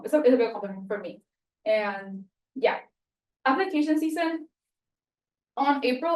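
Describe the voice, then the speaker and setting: Young woman from Mexico, student presenter, casual and self-deprecating, slightly high voice, recorded at a distance in an echoey room. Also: darkish tone. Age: young adult. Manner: chatty, filler-heavy and self-deprecating. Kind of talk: spoken end-of-year presentation. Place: room at a university.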